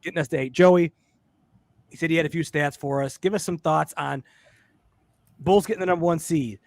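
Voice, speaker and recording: A man's voice: on the high side, a little fast, creaky, no echo, clean studio sound. A man hosting a casual sports podcast over a video call, introducing his co-hosts with jokey nicknames and an upbeat emcee manner. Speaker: podcast host.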